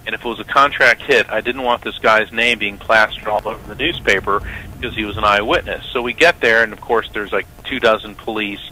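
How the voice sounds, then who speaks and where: Bright-voiced man telling a story. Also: on the low side, a little fast, poor audio. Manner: animated storyteller acting out quoted voices. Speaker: guest, psychic medium and lawyer. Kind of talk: radio interview storytelling. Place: radio interview.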